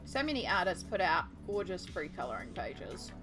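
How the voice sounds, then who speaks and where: A woman's voice: lowish voice, very animated, normal speed, music in the background. A woman chatting casually and playfully while she paints on a live stream. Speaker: art streamer.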